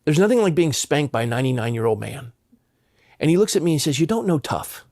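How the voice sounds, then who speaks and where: A man's voice: medium pitch, expressive, quick pace, mellow, no echo, clean studio sound. A man in his fifties, a pastor from Southern California, earnestly telling personal stories in an interview. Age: 50s. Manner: earnest, impassioned.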